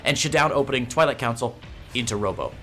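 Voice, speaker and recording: A man's voice: medium pitch, expressive, fast, sharp tone, soft background music. A man with a Midwestern American accent casting an esports match, chatty and joking. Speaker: esports caster. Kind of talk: play-by-play commentary.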